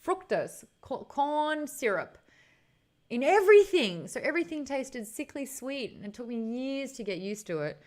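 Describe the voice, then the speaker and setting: A woman's voice: high voice, big pitch swings, moderate pace. A young Australian woman streaming live, chatting casually and reading her viewers' comments aloud in a bubbly way that breaks into laughs easily.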